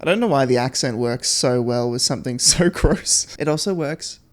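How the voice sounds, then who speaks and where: A young man chatting casually through a film reaction, laughing often and reacting with animated exclamations. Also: medium pitch, normal speed. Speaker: reaction video host. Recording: film audio playing loudly behind. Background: film soundtrack.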